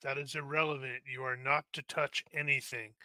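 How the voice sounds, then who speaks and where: A stern male starship security officer, played by a man at a tabletop game, speaking in sharp, clipped military orders. The voice is very bright and cutting. It sounds close and dry. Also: medium pitch, little pitch movement, normal speed, no echo. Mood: stern commanding. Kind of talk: tabletop role-play.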